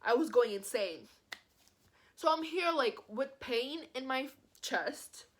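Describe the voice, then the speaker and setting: A young woman vlogger telling a personal story in a casual, animated way, filling her speech with "like". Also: sits high, slow, a little hiss or hum. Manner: animated, says "like" constantly. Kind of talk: storytime vlog.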